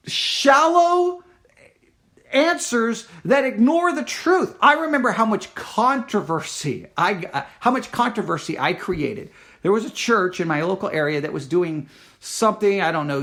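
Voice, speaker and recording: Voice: mid-range voice, a bit bright. Impassioned Christian commentator reading the news. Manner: impassioned, emphatic, with frequent restarts and acted quotes.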